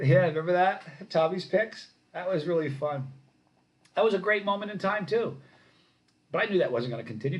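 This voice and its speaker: A middle-aged man hosting a casual live stream, reading viewer comments and telling lively stories that grow loud when he gets excited. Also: on the high side, low-quality recording. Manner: animated storyteller, rising loud when excited.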